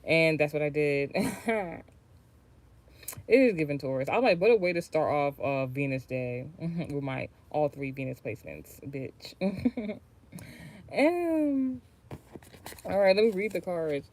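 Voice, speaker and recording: A US woman giving tarot readings on a livestream speaks a little slowly, her low, darkish voice full of lively intonation. She chats casually, swears freely and rambles, often breaking off and beginning again.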